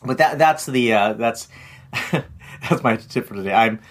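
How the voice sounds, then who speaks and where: Marketing vlog host, male; loose, chuckling, stop-start delivery, average pitch. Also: unhurried. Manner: rambling, chuckling, hesitant with many restarts. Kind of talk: casual talking-head tip video.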